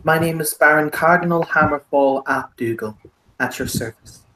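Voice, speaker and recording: A man's voice: fairly high pitch, moderate pace, pushed and bright, slight background noise, voice pushed up. Man doing a haughty Irish noble baron, courtly and pompous, echoey room.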